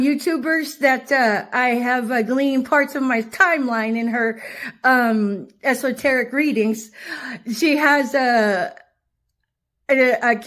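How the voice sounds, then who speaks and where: A woman's voice: on the high side, fairly bright tone. A woman telling a rambling story in a casual vlog, laughing often and swearing freely. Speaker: vlogger. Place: her cousin's home.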